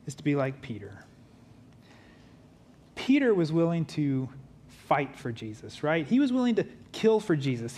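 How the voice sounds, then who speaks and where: A man with a fairly high voice preaches a sermon as a pastor. He drops into quiet, low tones for weight, then lifts into lively, joking asides. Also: a little hiss or hum. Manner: humorous asides in a conversational tone.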